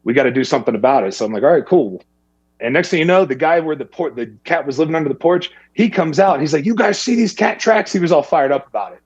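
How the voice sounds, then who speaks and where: A man's voice: fairly high pitch, fast, breathy edge, no echo, highs cut off. A man, casually telling a hunting story and acting out what people said to him. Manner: animated, acts out other people's lines in a raised voice.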